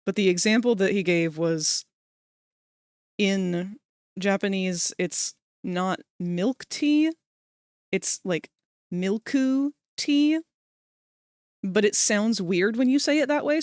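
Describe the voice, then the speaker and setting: Her mid-range voice has studio quality with no room sound. She streams live while working, chatting casually, telling rambling stories and addressing her chat viewers.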